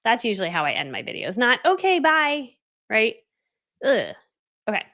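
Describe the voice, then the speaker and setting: A woman's voice: medium pitch, sing-song, a little fast, creaky, bright, forceful tone. A woman hosting a live video, teaching marketing in a chatty, laughing way and acting out quotes. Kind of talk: casual live-stream teaching.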